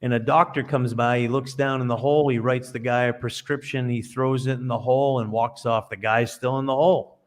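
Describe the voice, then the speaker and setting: A man's voice: mid-range voice, steady tone, a little fast. An earnest man guests on a podcast over a video call. He talks like a preacher, spinning parables and stories with conviction. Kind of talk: conversational interview.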